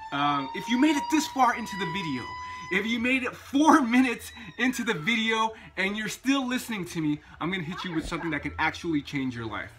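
A man's voice: high voice, animated, a little fast. A man vlogging, telling a personal anecdote in a chatty, casual way. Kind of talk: casual storytelling vlog.

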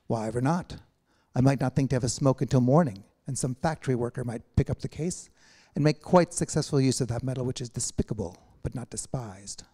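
A wry, world-weary man with a poet's ironic streak, read aloud by a man. His replies come with dry understatement. The voice is mellow and dark. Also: medium pitch, fairly quick, close to an everyday voice. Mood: facetious. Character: wry, weary male poet, gently ironic.

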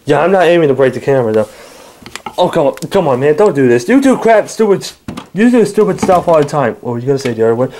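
A man acting out a home-made toy skit, bickering with himself in several voices, jumping between shouted yelps and low grumbles. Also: animated, fast, a little hiss or hum.

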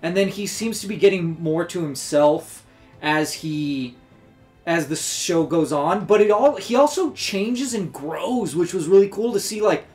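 A man's voice: high-pitched, lively intonation, unhurried, a little mellow, faint music behind. A man co-hosting a casual fan chat, enthusiastic and filling his talk with "like". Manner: enthusiastic, full of "like" fillers. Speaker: co-host.

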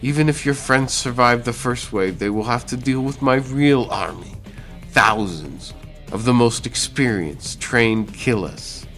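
A man voicing a sly young vampire villain who is the hero's uncle, talking in a silky, calm, gloating way. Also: medium pitch, a little slow, faint music behind, pitched above the performer's own voice.

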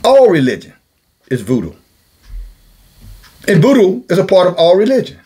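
A self-styled watchman preacher delivers a blunt, scolding sermon, repeating phrases for emphasis. His husky, dark voice sits high with huge pitch swings at normal speed.

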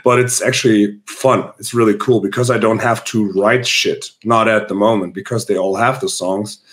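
A hoarse man speaks as a podcast guest. His voice sits a little low and sounds rough from illness. He rambles casually, circling back with ums and restarts. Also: fairly even intonation, moderate pace, fairly bright tone. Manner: rambling, many fillers and restarts. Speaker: guest musician. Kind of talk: casual interview chat.

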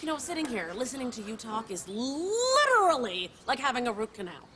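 An actress playing an exasperated parent in the stands, speaking sarcastically. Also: female voice, a little high, big pitch swings, fairly quick, very noisy. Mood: sarcastic. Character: fed-up female parent in the stands. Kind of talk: sketch comedy acting. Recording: loud crowd at ballgame.

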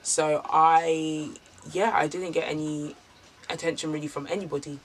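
A woman's voice: deep voice, fairly even intonation, moderate pace. A young woman casually telling a personal story for her vlog, candid and chatty with lots of filler words. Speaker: vlogger.

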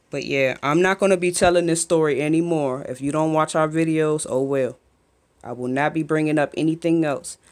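A young woman speaks straight into her phone camera at home. Her talk is candid and emotional, full of halting restarts as she opens up as a mother. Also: deep voice, a little mellow. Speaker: mother vlogging. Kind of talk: emotional personal vlog. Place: home, just after a shower.

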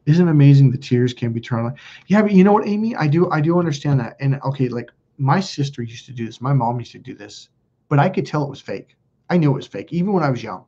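A man's voice: medium pitch, dark tone, breathy edge, highs cut off. A man hosting a live stream, telling stories in a blunt, profane, self-mocking casual chat. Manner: blunt, profane, laughs at himself.

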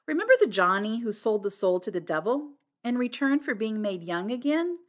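A rough, taciturn middle-aged hunter in an audiobook, read by a woman, clipped and plain-spoken. His short phrases come out blunt and awkward, with little to say. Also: on the high side, big pitch swings, normal speed. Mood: gruff, awkward. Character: gruff, awkward middle-aged male hunter, few words.

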